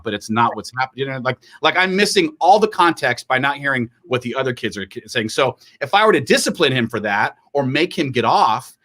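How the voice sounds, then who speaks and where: A middle-aged co-host of a casual live stream rambles, restarting often and acting out quotes. His voice is mid-range with a sharp tone.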